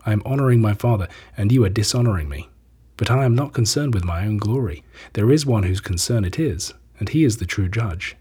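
A calm, authoritative teacher speaking with quiet conviction, as a male reader voices him. The voice is low, mellow and very husky, breathy at the edges. Every line is measured and solemn. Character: Jesus, a calm, authoritative teacher, adult man. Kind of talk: scripture reading.

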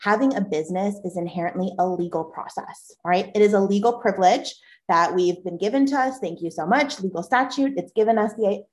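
A woman's voice: medium pitch, fairly quick, hardly any pauses. A woman lawyer guesting on a podcast, emotional and grateful at first, then explaining business law plainly. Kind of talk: casual podcast interview.

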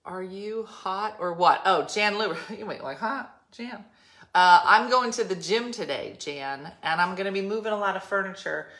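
A woman's voice: medium pitch, normal speed, few pauses, a bit bright. A woman hosting a casual live stream from home, chatting in a rambling way with lots of fillers. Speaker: livestream host.

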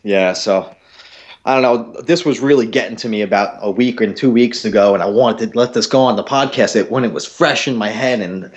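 A young man hosting a podcast, telling a story in a casual, animated way and swearing a lot. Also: on the low side, a little fast. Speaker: podcast host.

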